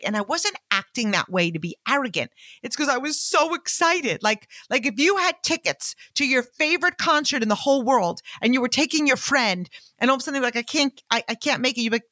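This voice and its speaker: Woman, podcast host, storytelling, animated, acted-out dialogue, bright tone, dry sound. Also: mid-range voice, brisk, dry recording. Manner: animated, acts out quoted dialogue; fillers like "long story short" and "like". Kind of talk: storytelling monologue.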